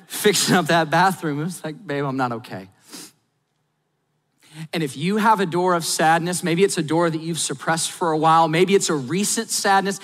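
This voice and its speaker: A middle-aged man pastor with a voice pitched a little high delivers a candid, personal sermon. He sinks soft and quiet for the sad moments, then climbs back to urge his listeners on. His voice trails long reverb through a large hall.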